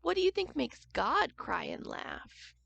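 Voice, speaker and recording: A woman reading a children's picture book aloud at church, gentle and expressive, pausing to ask the listening children questions. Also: high voice, creaky, no room sound, dull audio. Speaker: church storyteller.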